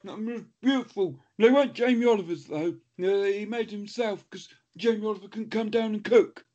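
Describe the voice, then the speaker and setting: A man's voice: sits high, fairly quick, dark tone. A man, co-hosting a podcast and trading silly jokes in casual chat. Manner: silly, jokey banter. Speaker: podcast co-host. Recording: dull lo-fi audio.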